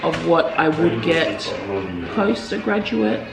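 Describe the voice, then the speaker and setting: A woman hosting a vlog in casual chat, lively and teasing, laughing easily. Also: on the low side, slow, gravelly. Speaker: vlog host. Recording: echoey room with music behind.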